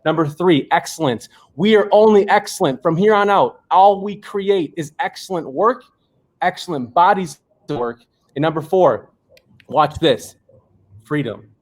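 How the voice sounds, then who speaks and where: A man's voice: fairly high pitch, expressive, measured pace. A young man on a video call delivering a hyped, preachy motivational pep talk full of slogans. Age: young adult. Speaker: co-founder giving a motivational talk.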